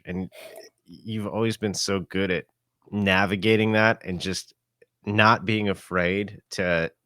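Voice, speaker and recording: A man from West Michigan hosting a podcast, asking questions in a relaxed, rambling way. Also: deep voice, no room sound, clean studio sound. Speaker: podcast host. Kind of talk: casual chat.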